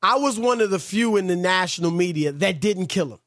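A man's voice: high-pitched, animated, fairly quick, a bit bright, no echo, studio quality. A man hosting casual sports talk, emphatic and conversational, sometimes stumbling over restarts.

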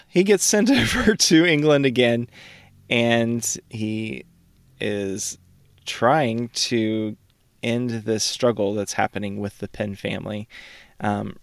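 A man co-hosting a history podcast, telling events in a relaxed, chatty way. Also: lowish voice, creaky, no echo. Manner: relaxed storytelling, quotes figures in casual speech. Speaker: podcast co-host. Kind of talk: casual history chat.

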